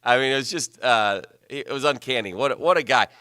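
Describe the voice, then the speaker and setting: A man's voice: mid-range voice, fairly quick, pushed and bright, no echo, clean studio sound. A man hosting a sports radio show, chatting casually and rambling with restarts.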